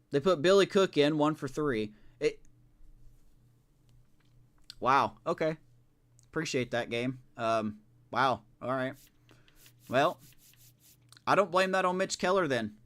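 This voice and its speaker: A man streaming a baseball video game live, reacting casually and with exasperation as he plays. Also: medium pitch. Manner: animated, talks to himself, exasperated reactions. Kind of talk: casual live gameplay commentary.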